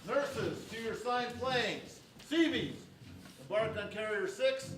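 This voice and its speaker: A man acting a brisk military officer who gives orders to the troops in a stage musical. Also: high-pitched, lively intonation, fairly bright tone, full character voice. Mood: commanding. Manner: commanding, barks orders. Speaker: stage actor. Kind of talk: live musical theatre acting. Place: large theatre stage. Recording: echoey stage from far off, noisy.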